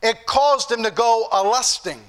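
A male pastor delivers a fervent sermon. His voice sits high and rings bright and forceful. He repeats phrases and keeps calling on the brethren. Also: a little slow.

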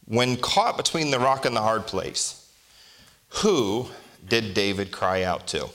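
A pastor delivers a sermon, reading scripture slowly and deliberately and putting rhetorical questions to the congregation in a conversational way. His voice is fairly low and fairly bright.

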